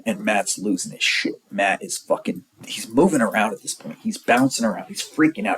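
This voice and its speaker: A man in his forties with a gravelly, husky voice, pitched a little low. He tells a long personal story in a loose, rambling way, blunt and full of profanity. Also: big pitch swings, fairly quick, few pauses, a bit bright, poor audio. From San Diego area, California. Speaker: storyteller vlogger. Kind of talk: casual storytelling.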